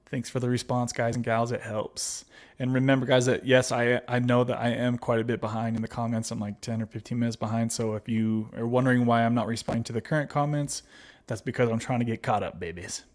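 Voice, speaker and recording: A man hosting a casual livestream, reading viewer comments aloud and answering them, laughing often and calling viewers buddy. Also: medium pitch. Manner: laughs often, reads chat aloud and replies; friendly, calls viewers babies and buddy. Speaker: livestream host.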